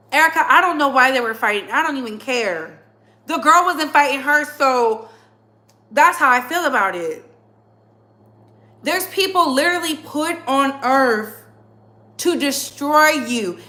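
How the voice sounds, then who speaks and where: A woman's voice: sits high, bright, forceful tone. A woman hosting her own commentary channel, talking bluntly and emphatically and repeating phrases for effect. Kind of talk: heated commentary monologue.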